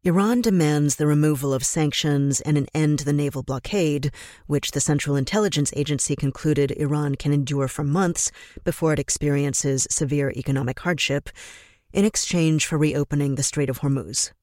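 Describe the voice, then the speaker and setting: A man reads a scripted political commentary in a grave, measured way, leaning on key words for emphasis. His voice sits a little high for a man, and the recording is dry and close, with no room sound. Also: a little mellow, no room sound.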